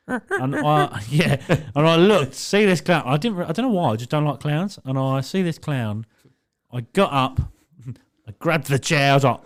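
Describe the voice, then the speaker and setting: Man, podcast co-host, animated storyteller with a wide-ranging voice. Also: fairly high pitch, moderate pace. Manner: animated, swearing storyteller who laughs often. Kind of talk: casual chat.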